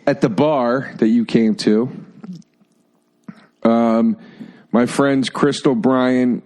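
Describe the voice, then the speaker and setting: A man co-hosting a casual comedy podcast, rambling excitedly through stories and laughing often. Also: medium pitch, drawn-out words. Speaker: comedian co-host.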